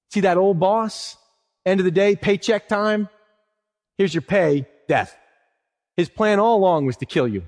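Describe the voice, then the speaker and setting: High-voiced preacher in an echoey hall. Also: male voice, expressive, moderate pace, a little mellow. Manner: conversational, storytelling, emphatic. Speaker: pastor. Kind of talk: sermon.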